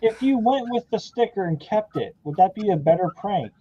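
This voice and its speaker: A man's voice: high voice, lively intonation, fairly quick, warm tone, highs cut off, slight background noise. A man making dry side comments in a casual podcast chat.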